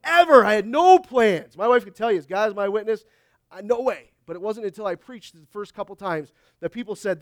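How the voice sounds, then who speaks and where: A man's voice: sits high, expressive, brisk, no echo, clean studio sound. A man, a pastor, preaching a conversational sermon at a church service, reading scripture aloud and often asking the congregation "Amen?". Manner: reads scripture aloud in old biblical wording.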